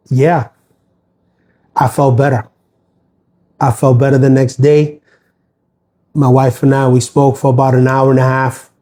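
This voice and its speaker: A man's voice: mid-range voice, warm tone. A middle-aged man talking casually and with grievance on a livestream, rambling with many fillers and restarts. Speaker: postal worker livestreaming.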